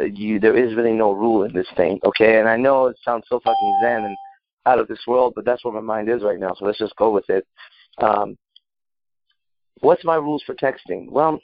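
A man's voice: medium pitch, no echo, muffled recording. A man answering a listener question in brash, profane casual talk, boastful and rambling with filler words.

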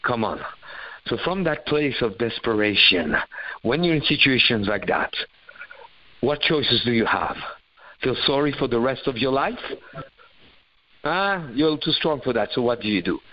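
A man's voice: mid-range voice, expressive, a little slow, pauses often. Emphatic male coach on a lo-fi call. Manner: emphatic, preachy, acts out quoted voices. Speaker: pickup coach. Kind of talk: motivational coaching talk.

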